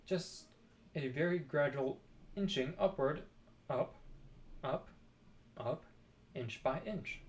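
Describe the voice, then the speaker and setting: A man reading a children's book aloud, expressive with dramatic pauses. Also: on the high side. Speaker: storybook reader.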